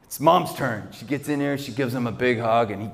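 A man's voice: mid-range voice, steady tone, fast talker. A man preaching as a pastor in a church, retelling a story dramatically and vividly with repeated phrases. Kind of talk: sermon storytelling. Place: church sanctuary. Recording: long church hall reverb.

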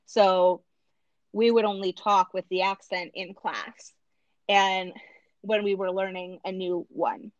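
Casual podcast co-host: Midwestern woman, slight lisp, animated storyteller, dry muffled sound. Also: mid-range voice, no room sound. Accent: American Midwestern. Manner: animated storyteller, swears freely. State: slight lisp from a bitten tongue. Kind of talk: casual chat.

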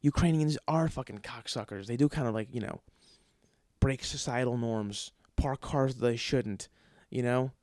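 A man's voice: medium pitch, moderate pace, darkish tone, no room sound, clean studio sound. A man hosting his own podcast, ranting casually and comically with lots of swearing and rambling restarts. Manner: profane, grumbling, rambling with restarts. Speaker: podcast host. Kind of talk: casual comedic rant.

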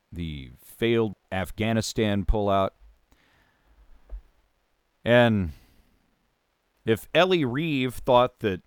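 A man's voice: medium pitch, no room sound, studio quality. A man hosting a talk radio show, delivering a sarcastic, opinionated monologue with mocking put-on voices.

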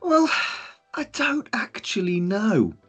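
A man's voice: high-pitched, wildly swooping pitch, slow pace, husky, faint music behind. A man chatting casually on a podcast, sarcastic and self-mocking about films. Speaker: podcast co-host. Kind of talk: casual chat.

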